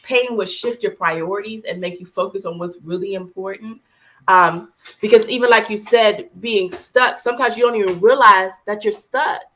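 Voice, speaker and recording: A woman's voice: medium pitch, normal speed, bright, forceful tone, slight background noise, poor audio. Earnest woman sharing something painful, close to tears. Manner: earnest, tearful at times, restarts and fillers. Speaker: podcast co-host. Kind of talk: emotional personal talk.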